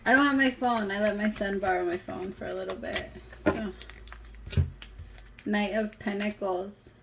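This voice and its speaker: A woman's voice: mid-range voice, slight background noise. Chatty woman doing a tarot reading. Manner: emotional, chatty, swears casually. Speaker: tarot reader.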